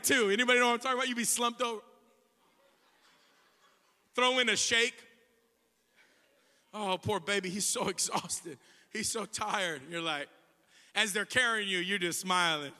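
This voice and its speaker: A man preaching a sermon as pastor, telling the story with lively acted-out voices and building to shouted proclamations. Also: very high voice, clean tone. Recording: echoey hall.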